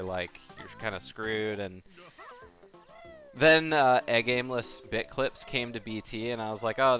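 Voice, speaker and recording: A man with a voice on the low side gives casual race commentary, relaxed and chatty. He laughs often and leans heavily on fillers.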